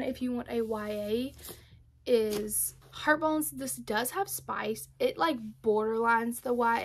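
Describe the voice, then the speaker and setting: A young woman with a slightly high voice chats to camera about books she loves. She gushes, gets emotional and talks with quick, animated energy. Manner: gushing, emotional, fast and animated. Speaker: book vlogger. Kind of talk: casual book recommendations to camera.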